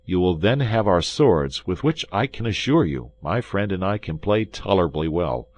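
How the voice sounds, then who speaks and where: Man playing a young male swordsman, bold, commanding, loud, lively. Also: sits low, moderate pace. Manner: firm, commanding, raised voice.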